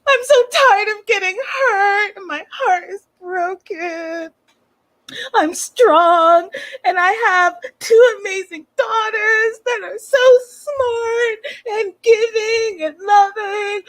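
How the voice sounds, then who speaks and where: A woman's voice: very high voice, takes it slowly, fairly bright tone, pitched above the performer's own voice, heavily acted, poor audio. A woman mimicking a grown woman crying melodramatically, her words broken up and drawn out. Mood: fake sobbing.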